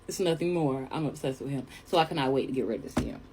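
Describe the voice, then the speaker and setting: A young woman from New York telling a chatty storytime tale, animated and calling listeners honey. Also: very deep voice, quick pace, a little hiss or hum. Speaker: storyteller vlogger. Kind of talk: casual storytime monologue.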